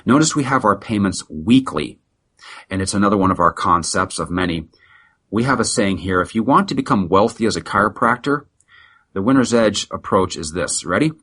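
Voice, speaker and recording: A middle-aged man with a very low voice pushes a motivational sales pitch with blunt, preachy emphasis. His tone is tense and driving, and there is a husky grain to it. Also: lively intonation, moderate pace, a bit bright. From United States. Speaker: practice consultant guest.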